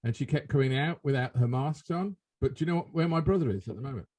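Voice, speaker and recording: A British man in casual conversation, voice mid-pitched and husky. He talks with indignation and keeps asking rhetorical questions. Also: fast talker, a little mellow. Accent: British English. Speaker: podcast co-host. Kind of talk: casual chat.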